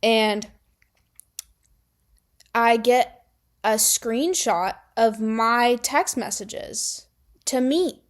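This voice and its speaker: A young woman telling a high school story to camera in a rambling, sarcastic way, full of "like" and laughing often. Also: drawn-out words, long pauses. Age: young adult. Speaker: vlogger. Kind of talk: casual storytime chat.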